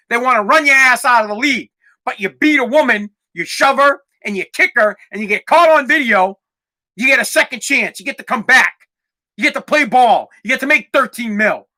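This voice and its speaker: Bright-voiced man ranting on a podcast. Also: very high voice, lively intonation, normal speed. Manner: heated, profane, repeats words when worked up. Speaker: podcast host. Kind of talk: casual ranting monologue.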